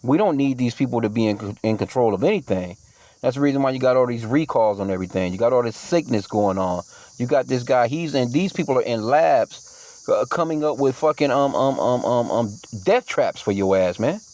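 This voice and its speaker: A man's voice: medium pitch, expressive, a little fast, warm tone, no room sound. Casual man teaching scripture. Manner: reads verses aloud then riffs loosely in slangy speech; profane, with frequent fillers and restarts. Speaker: bible teacher.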